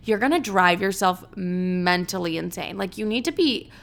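A woman's voice: lowish voice, expressive, normal speed, gravelly. A woman hosting her own podcast, talking candidly and rambling in a casual, profane way. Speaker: podcast host. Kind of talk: casual solo podcast chat.

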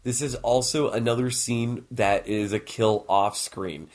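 A man's voice: mid-range voice, steady tone, measured pace, a little mellow. A man co-hosting a casual movie commentary podcast, sarcastic and teasing, swearing freely. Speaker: podcast co-host.

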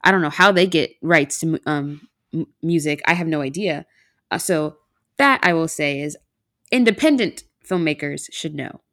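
A woman's voice: low-pitched, normal speed, fairly bright tone. A woman chatting as a podcast guest, casual and unprepared, talking in rambling runs with restarts.

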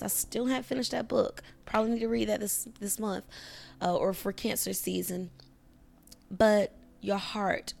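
A woman with a gravelly, fry-edged voice at a middle pitch, hosting a relaxed astrology and wellness podcast. She talks in a chatty, coaching way, peppering her advice with check-ins to her listeners. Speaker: podcast host. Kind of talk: casual astrology and wellness talk.

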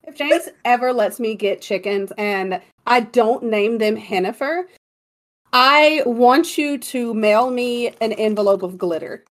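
A woman co-hosting a podcast in casual chat, animated and giggly as she tells a story and directs her partner. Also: a little high, measured pace. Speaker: podcast co-host.

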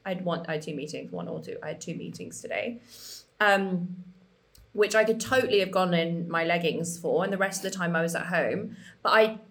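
A woman's voice: lowish voice, a little fast. Woman, podcast co-host; chatty, filler-heavy, frank and supportive. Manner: chatty, lots of "like", frank and encouraging. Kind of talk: casual podcast chat.

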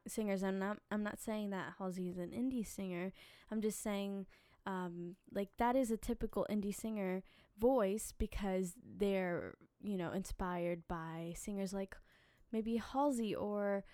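A woman hosting a casual podcast, chatty and animated, giving singing advice with a slightly dry voice from little sleep. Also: medium pitch, no room sound. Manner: animated, chatty, quick asides and filler words. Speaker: podcast host and singing teacher.

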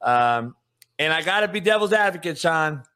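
A man's voice: on the high side, animated, normal speed, sharp tone. A man hosting a sports talk show, brash and profane, rambling through opinions in casual sports talk.

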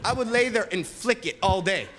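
A man doing stand-up comedy, telling stories with animated shouted bits. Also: high voice, fairly quick, a loud crowd. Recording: club recording with audible room noise.

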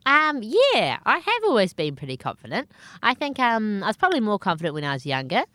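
A young woman comedian with a squeaky, nasal voice, chatting casually and self-deprecatingly in an interview, laughing often. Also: wildly swooping pitch, brisk, fairly bright tone. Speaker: comedian guest.

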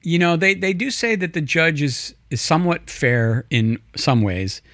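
A man co-hosting a casual political chat show, telling stories with animated asides and putting on voices when he quotes people. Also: fairly high pitch, unhurried, no room sound, clean studio sound. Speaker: podcast co-host.

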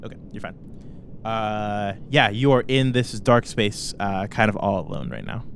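A man's voice: on the low side, normal speed, creaky, a little hiss or hum. Hesitant man running a tabletop game. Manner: hesitant, many fillers and self-corrections. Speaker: game master.

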